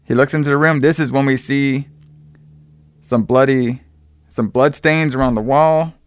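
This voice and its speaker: A man's voice: medium pitch, fairly even intonation, moderate pace, clean tone, no room sound. Casual man rambling through a plot recap. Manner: loose, filler-heavy retelling with quoted lines.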